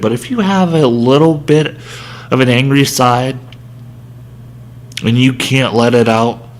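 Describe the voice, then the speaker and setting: A man's voice: mid-range voice, slight background noise. A man hosting a sports talk show, ranting heatedly with a self-aware, joking edge. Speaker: podcast host. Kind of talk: sports rant.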